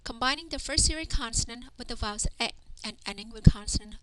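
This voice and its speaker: A woman teaching reading in a voice-over, with a slightly high voice. She breaks each word into its sounds and reads them out one at a time, patient and unhurried. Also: fairly bright tone, slight background noise. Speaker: language teacher. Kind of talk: slow spelled-out reading lesson.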